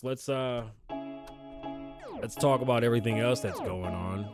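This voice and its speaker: A man hosting a podcast in casual chat, blunt and profane, shifting between low, weary venting and loud, hyped bursts. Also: measured pace, no echo, soft background music. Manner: profane, blunt and frank, slangy. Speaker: podcast host.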